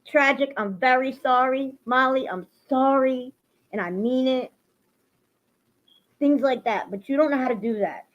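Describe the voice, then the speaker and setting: A woman hosts an informal livestream, talking to viewers with emotion that tips into angry rants. Her voice sits high and moves a little slowly, heard through lo-fi stream audio.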